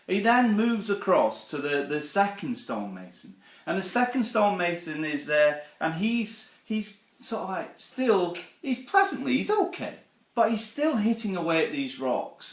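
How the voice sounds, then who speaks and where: Guy presenting live, fairly high voice for a man, earnest, tells a story and keeps asking questions, echoey room. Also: very animated, a little slow, a bit bright. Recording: roomy echo.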